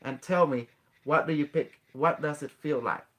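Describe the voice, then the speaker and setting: Bright-voiced man coaching a guest. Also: fairly high pitch, moderate pace. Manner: instructive, coaxing, laughs often, non-native grammar. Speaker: host teaching a guest. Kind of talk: casual guided demonstration.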